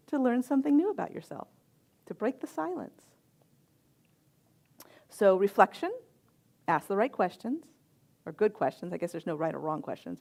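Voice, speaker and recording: A middle-aged woman, a reverend and chaplain, giving a sermon with personal stories in a gentle, reflective voice with soft pauses. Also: on the high side, vocal fry.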